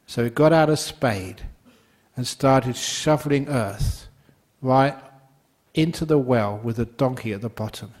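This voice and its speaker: A man's voice: medium pitch, a little slow, darkish tone. A man, a Buddhist monk, giving a dharma talk and telling stories playfully while laughing at his own jokes.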